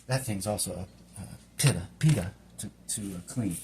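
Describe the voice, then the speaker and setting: Rambling middle-aged man with a gravelly voice. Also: on the low side, normal speed, very noisy. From Hawaii. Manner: chatty, meandering, talks to himself while working. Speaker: home cook and channel host. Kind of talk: rambling casual cooking vlog.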